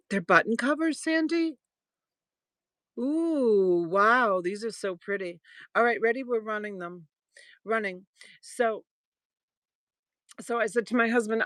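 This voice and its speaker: This is a mid-range, fairly bright female voice with no room sound. She's a middle-aged woman from Boston running a live sale, chatting casually, wandering through stories with frequent laughter and fast asides.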